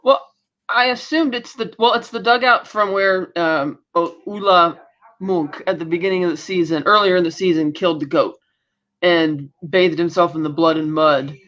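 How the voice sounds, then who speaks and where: A woman's voice: lowish voice, normal speed, a bit bright. A woman co-hosting a podcast, casually recapping a TV episode and acting out lines from the scenes. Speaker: podcast co-host. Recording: dull lo-fi audio.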